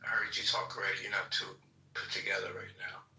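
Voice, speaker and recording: A man's voice: low-pitched, level tone, fairly quick, sharp tone, roomy sound, far from the mic, poor audio. A man arguing his point in a casual call-in chat.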